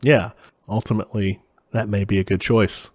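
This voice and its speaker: A podcast co-host in a casual film discussion recaps a movie's plot in a relaxed way, packing it with "uh" and "you know." His voice is lowish at a normal speed, recorded cleanly in a studio with no echo.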